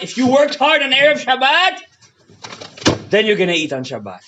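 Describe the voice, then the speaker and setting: A man giving a fiery Torah lecture as a rabbi, swinging between loud outbursts and hushed asides, mixing English with Hebrew terms, on a dull lo-fi recording. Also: high-pitched, very animated, moderate pace. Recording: dull lo-fi audio.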